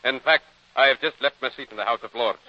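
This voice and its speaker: A man's voice: medium pitch, fast, lightly acted. An actor playing a blustering old Scottish grandfather lord with a put-on Scottish accent, in 1940s radio comedy. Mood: blustery. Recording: dull old radio recording with faint hiss.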